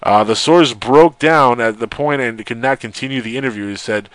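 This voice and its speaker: A man's voice: medium pitch, normal speed, smooth, no echo. A man hosting a radio talk show, reading a news story aloud and mocking it with sarcastic asides. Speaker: radio host. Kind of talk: casual joking radio chat.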